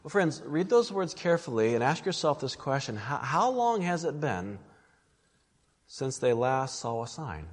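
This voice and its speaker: A man's voice: medium pitch, very animated, moderate pace, long reverb tail. A man preaching an expository sermon, earnest and emphatic, often addressing his listeners as friends.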